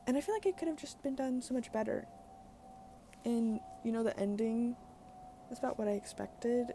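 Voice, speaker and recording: Chatty woman book vlogger, mellow voice. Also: on the high side, a little fast, vocal fry, a little hiss or hum. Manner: chatty and candid, with frequent fillers and casual swearing. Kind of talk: casual daily book vlog.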